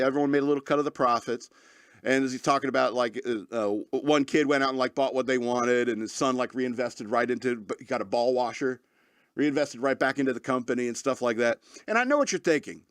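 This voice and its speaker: A man's voice: mid-range voice, no echo, clean studio sound. A man in his forties hosting his own podcast, telling a rambling comedic story with frequent laughs and mock-angry outbursts. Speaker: podcast host. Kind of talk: casual comedic monologue.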